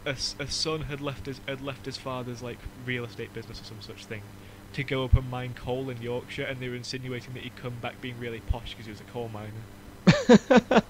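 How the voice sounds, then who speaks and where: Brief: young Northern English host, mid-pitched, wry mocking banter, audible background noise. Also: male voice. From Northern England. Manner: joking, rambling, quick to mock. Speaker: podcast host. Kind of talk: casual chat.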